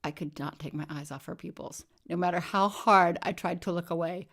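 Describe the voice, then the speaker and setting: A woman telling a comic monologue in a deadpan, wry way, often dropping into whispered asides. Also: lowish voice, fairly quick. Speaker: storyteller.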